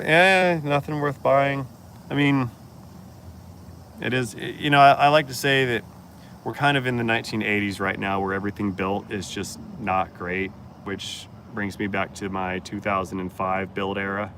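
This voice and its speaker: A man's voice: fairly low pitch, level tone, normal speed, fairly bright tone, a little hiss or hum. A man hosting a casual live-stream Q&A as a mechanic, blunt and joking as he answers chat.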